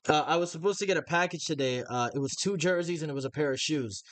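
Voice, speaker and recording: A man's voice: a little high, fast, fairly bright tone. A man co-hosting a casual podcast, telling a laid-back story with frequent stammered restarts. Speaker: podcast co-host. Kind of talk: casual chat.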